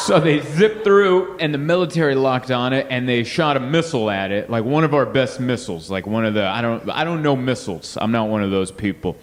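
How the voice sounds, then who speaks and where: A man doing a stand-up comedy set on a club stage, rambling and animated, acting out voices and sound effects. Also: mid-range voice, a little fast, few pauses. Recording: live club sound, reverberant hall, audience noise.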